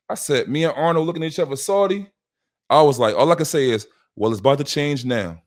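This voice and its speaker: Man telling a lively story. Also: a little high, fast. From West Philadelphia. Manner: acts out quoted dialogue with shifting voices. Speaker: podcast host. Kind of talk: animated storytelling.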